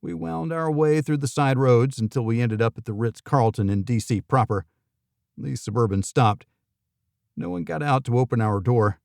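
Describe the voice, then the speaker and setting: Male audiobook narrator, gravelly and dry, first-person thriller read on a close studio mic. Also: mid-range voice, normal speed, darkish tone, no room sound.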